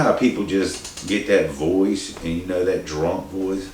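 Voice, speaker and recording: A man's voice: low voice, slow, darkish tone. A man telling a story in a casual, rambling, profane way, with many restarts and asides. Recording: echoey room, distant mic, faint hiss.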